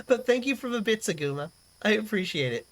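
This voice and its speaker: A woman's voice: medium pitch, expressive, fairly quick. A young woman hosting a live stream, chatting casually, rambling and swearing freely as she reacts to chat. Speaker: livestream host.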